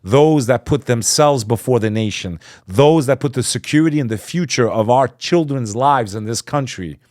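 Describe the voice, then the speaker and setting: A man as a podcast guest, telling a story with fervor, swinging between loud emphasis and hushed asides. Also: mid-range voice, expressive, normal speed, no echo, studio quality. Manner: acts out quoted speech. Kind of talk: impassioned storytelling in conversation.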